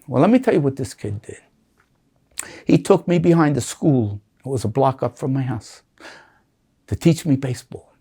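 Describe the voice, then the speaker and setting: An older man from the United States tells his life story in an interview, his voice husky and a little worn. He tells it with feeling and acts out the voices of people he remembers, now hushed, now loud. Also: medium pitch, sing-song, normal speed, long pauses. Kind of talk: emotional storytelling.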